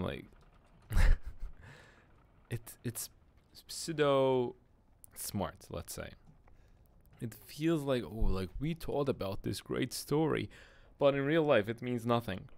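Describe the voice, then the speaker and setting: A young man talks over a game stream in a slow, gravelly voice, laid-back and quick to react. His pitch moves around a lot as he jokes. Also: animated. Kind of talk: casual gameplay commentary.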